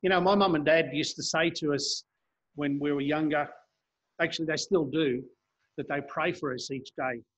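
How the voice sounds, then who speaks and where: A man's voice: on the high side, fairly even intonation, moderate pace, a bit bright. A man preaching a sermon in a church, reading scripture aloud and explaining it earnestly.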